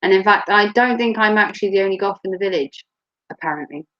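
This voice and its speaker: Speaking fast in a mid-range voice, a woman hosts a casual chat with a Norfolk English accent, being blunt, joking, and laughing a lot. She's from Norfolk, England, and the recording is muffled and lo-fi.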